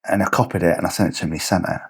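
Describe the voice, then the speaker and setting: A man's voice: low voice, steady tone, rapid-fire, creaky, breathy edge. A man hosting a podcast as a coach, giving a blunt, punchy motivational talk with swearing. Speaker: podcast host and fitness coach. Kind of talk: motivational monologue.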